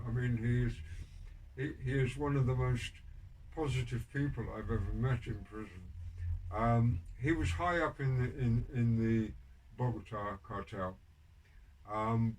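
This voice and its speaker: A man's voice: medium pitch, animated, normal speed. An older man tells prison stories in a loose, rambling way, full of ums and false starts, with a dry wit. He sits back from the mic, and a faint hiss of room noise runs under his voice. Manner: rambling, many ums and restarts, dry wry humor. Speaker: podcast guest telling prison stories. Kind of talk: casual storytelling interview. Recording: distant mic with background noise.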